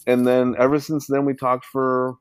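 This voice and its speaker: A man with a mid-range voice tells his family story, rambling through fillers and getting animated as he goes. The sound is dry and close, with no room around it. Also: medium pitch, moderate pace, smooth, no echo. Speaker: guest, son. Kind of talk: casual storytelling interview.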